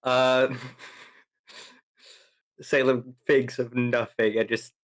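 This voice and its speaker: A man speaks at an unhurried, drawn-out pace as a player in a tabletop game. His voice sits at an ordinary middle pitch. He swears and laughs in exasperation. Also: flat delivery. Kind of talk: playing a tabletop game on a live stream.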